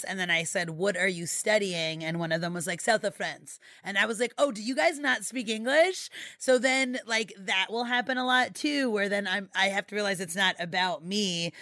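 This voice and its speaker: A woman who works as a warmup comedian, chatting on a podcast and telling animated stories about her audiences, acting out her own exchanges with them. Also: on the low side, no room sound, clean studio sound. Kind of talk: casual podcast chat, storytelling.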